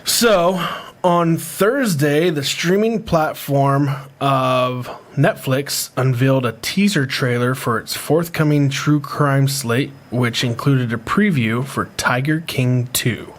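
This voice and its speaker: A man's voice: mid-range voice, slow pace. A man hosting a casual podcast, reading out news items and stumbling over names. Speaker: podcast host.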